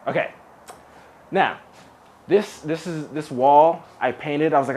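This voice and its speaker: A man's voice: a little high, slow pace, pauses often, a little mellow. A young man who was once homeless, chatting casually and jokingly as he gives a tour of his apartment. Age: young adult. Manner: chatty, laid-back, jokey, with many "like" fillers. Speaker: formerly homeless youth. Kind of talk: casual home tour talk. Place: his own apartment, indoors.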